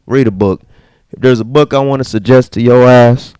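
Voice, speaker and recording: A man ranting casually to camera in a vlog, slangy and repetitive, dropping to low mutters and jumping to high outbursts. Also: moderate pace, dark tone, smooth, dry recording, clean studio sound. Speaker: vlogger.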